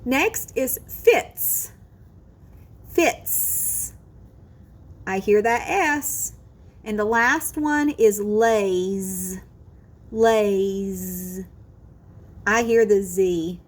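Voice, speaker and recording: A woman teaching a phonics lesson to children, slowly modelling each word sound and encouraging the listener. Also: mid-range voice.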